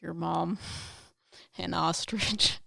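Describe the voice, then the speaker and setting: A woman's voice: fairly low pitch, steady tone, drawn-out words, vocal fry, bright, forceful tone, no room sound, clean studio sound. A woman co-hosting a podcast, chatting casually in a playful, teasing way and cracking jokes. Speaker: podcast co-host. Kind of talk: casual chat.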